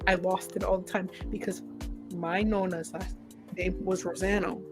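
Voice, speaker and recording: Young woman podcast cohost, casual, loud and laughy, music bed behind. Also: lowish voice, moderate pace. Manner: animated, laughing, swearing freely. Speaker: podcast co-host. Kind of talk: casual chat between friends.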